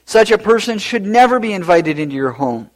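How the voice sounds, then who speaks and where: Animated high-voiced male pastor preaching. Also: brisk. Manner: animated, rising to loud emphasis. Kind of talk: sermon.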